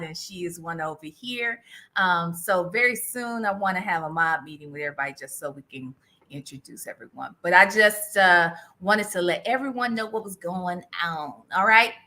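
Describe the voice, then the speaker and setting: A woman's voice: medium pitch, sharp tone. A woman hosting a casual livestream interview, chatty and playful, laughing often. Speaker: host.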